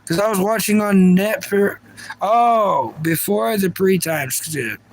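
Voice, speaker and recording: A man's voice: sits high, slow pace, low-quality recording. A young man hosting a livestream, chatting casually and playfully about anime and reacting to his viewers. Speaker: livestream host.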